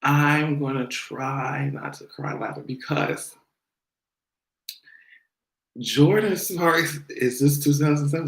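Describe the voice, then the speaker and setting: A man's voice: on the high side, slow, a bit bright, roomy sound. A man hosting a casual commentary vlog, sassy and profane, laughing often as he talks. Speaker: host.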